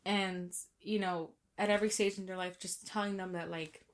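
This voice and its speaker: Young woman, podcast co-host, casual chat, emphatic, repeats herself, medium pitch. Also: fairly even intonation, normal speed. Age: young adult. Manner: emphatic, repeats words, tearful moments.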